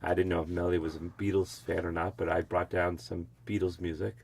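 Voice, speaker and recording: Deep gravelly guy around fifty, halting story with lots of ums. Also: flat delivery. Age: 50s. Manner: halting, many fillers. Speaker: interviewee, musician. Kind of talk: personal storytelling conversation.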